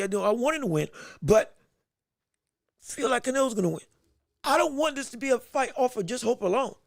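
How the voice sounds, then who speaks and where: High-voiced, excitable man hosting a live podcast. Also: creaky, no room sound. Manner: energetic, excitable, frequent restarts and hype greetings. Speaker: podcast host. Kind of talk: live-stream boxing podcast, reading the chat.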